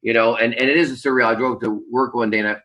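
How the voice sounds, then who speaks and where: A man's voice: mid-range voice, fairly even intonation, fast, bright, forceful tone, poor audio. A man from Canada, a Las Vegas magician, reflecting in a rambling way with many fillers in a casual interview.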